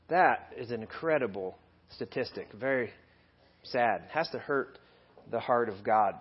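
Man, church sermon, slightly high voice, dull lo-fi recording. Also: normal speed, husky. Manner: conversational, building to animated emphasis. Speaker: lay preacher. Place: church hall.

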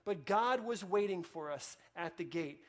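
A middle-aged man preaching to his congregation, telling a personal story in a conversational way and dropping to a hush for prayers. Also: sits high, expressive, measured pace. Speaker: pastor.

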